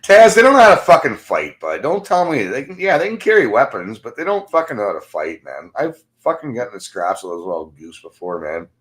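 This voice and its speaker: A man's voice: mid-range voice, sing-song, brisk, hardly any pauses, a bit bright. A middle-aged man, ranting bluntly and angrily. He swears constantly and ends his phrases with "man". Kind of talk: profane ranting monologue.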